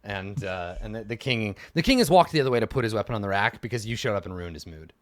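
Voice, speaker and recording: A man's voice: on the low side, lively intonation, quick pace, no room sound, studio quality. A man narrating a tabletop game as game master, hesitant and full of fillers.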